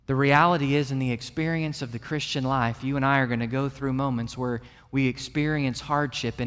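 A man's voice: medium pitch, fairly even intonation, normal speed, hardly any pauses, fairly bright tone. A man preaching a sermon as pastor to his congregation, earnest and building to emphatic peaks. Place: church sanctuary. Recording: long reverb of a large hall.

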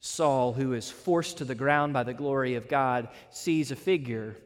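A man's voice: medium pitch, measured pace. A male pastor preaching an expository sermon, emphatic and stretching key words for weight. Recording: long reverb of a large hall.

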